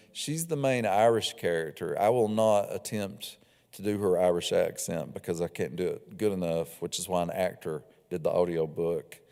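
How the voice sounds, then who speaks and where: A man's voice: low voice, vocal fry. A man, an author, talking casually about his book and reading from it in a lecture hall, with a few fillers. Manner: relaxed and conversational, with fillers.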